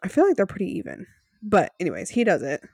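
Brief: casual woman co-host, mid pitch, laughs a lot, dry sound. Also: huge pitch swings, fast, a little mellow, slightly rough, no echo. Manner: chatty, laughs often while retelling. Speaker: podcast co-host. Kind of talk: casual recap chat.

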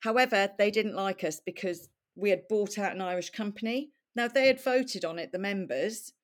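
This podcast guest, a middle-aged woman from Wales, recounts her life in a candid, talkative style, often breaking into laughter. She speaks in a mid-range voice at normal speed.

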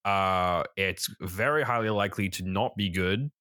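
A man's voice: low-pitched, normal speed, pushed and bright, no echo, studio quality. A man co-hosting a movie podcast, chatting casually and joking loosely with the odd swear. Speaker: podcast co-host. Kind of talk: casual chat.

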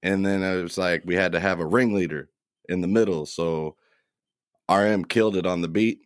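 A man guesting on a casual podcast, talking in an animated way and laughing loudly. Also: deep voice, moderate pace, no echo, studio quality. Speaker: podcast guest, intro vocalist.

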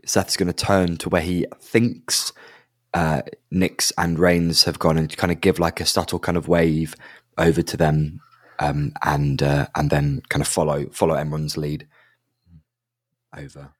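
A man's voice: rumbling low, level tone, measured pace, dry recording, clean studio sound. A man playing in a tabletop role-playing game, casual and hesitant as he speaks in character and describes actions. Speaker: player.

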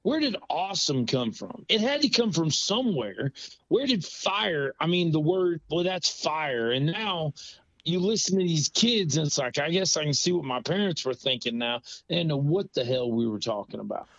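A man's voice: a little high, big pitch swings, moderate pace, fairly bright tone, dry recording, highs cut off. A man co-hosting a casual, joking chat, sarcastic and fond of putting on silly voices. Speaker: podcast co-host.

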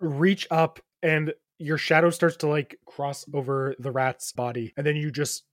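A man narrating a tabletop game as game master, descriptive and relaxed, often laughing. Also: a little high, a little slow, no room sound, clean studio sound.

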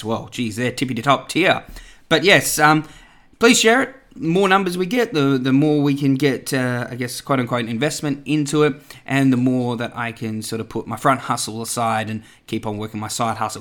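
A man's voice: mid-range voice, a bit bright. A man chatting casually as a podcast host, rambling through asides with lots of ums and restarts. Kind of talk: casual solo podcast talk.

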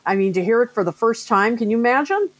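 A woman's voice: on the high side, animated, fast talker. A woman co-hosting a podcast in casual chat, marvelling expressively. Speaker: podcast co-host.

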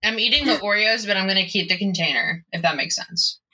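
A young woman chats through a tabletop game in a bright, crisp voice of middle pitch. Her talk is playful and slangy. Faint noise and small clicks sit behind her home mic. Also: fairly quick, low-quality recording. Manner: playful, slangy, laughs easily. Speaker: player. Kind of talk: casual tabletop game chat.

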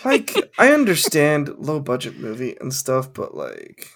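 A man's voice: mid-range voice, huge pitch swings, a little slow, creaky, a bit bright. A young man co-hosting a podcast, rambling and swearing casually as he riffs on ideas and laughs at his own jokes. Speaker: podcast co-host. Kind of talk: casual chat.

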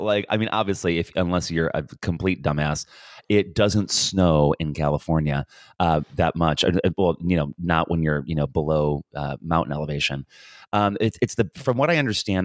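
A man with a very low voice co-hosts a podcast in loose, rambling chat, full of fillers and restarts. The sound is close and dry, with no room around it. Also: no room sound. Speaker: podcast co-host. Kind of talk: casual chat. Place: lives in Ireland.

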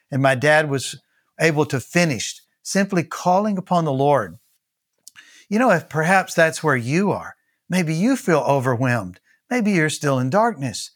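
A man with a Texan accent preaching an earnest devotional sermon as pastor, repeating key phrases. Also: a little high.

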